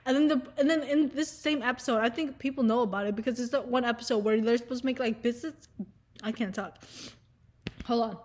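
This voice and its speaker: A young woman talking casually to camera in an animated, profane rant, sometimes mocking people in put-on voices. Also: fairly high pitch, fairly quick. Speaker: vlogger. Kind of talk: casual ranting chat to camera.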